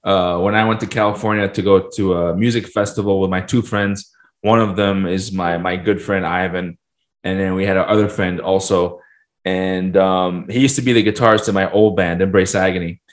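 A man's voice: low voice, steady tone, moderate pace. A young man co-hosting a casual podcast, telling a long rambling story full of fillers and restarts. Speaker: podcast co-host. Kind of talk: casual chat.

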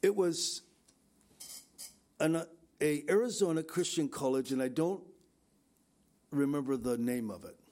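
An older male pastor preaches in an easy, conversational way, earnest and exhorting. His voice sits a little high for a man. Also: a little slow, long pauses, darkish tone. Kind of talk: conversational sermon.

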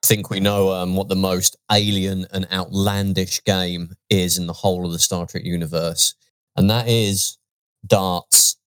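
A man co-hosting a podcast in casual chat, wry and jokey, trailing off softly. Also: sits low, flat delivery, unhurried, clear, resonant tone, dry recording. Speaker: podcast co-host.

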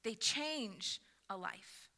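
Woman pastor, sermon, expressive, very bright voice, fairly high pitch, long church reverb. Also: drawn-out words. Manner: expressive, rising to animated emphasis. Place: church sanctuary.

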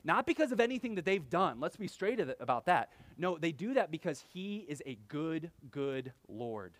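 A man's voice: on the high side, a bit bright, dry recording. A young adult man preaching a sermon in a conversational style, often acting out quotes with sudden animation. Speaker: pastor.

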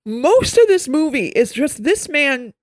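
A woman co-hosting a podcast in casual chat, talking in digressive runs full of quick asides. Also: high-pitched, sing-song, dry recording, studio quality. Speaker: podcast co-host.

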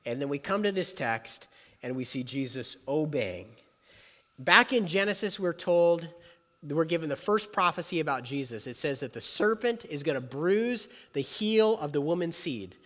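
A man preaching a sermon as pastor, animated and conversational, sinking to soft earnest tones toward prayer. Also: on the high side, long reverb tail.

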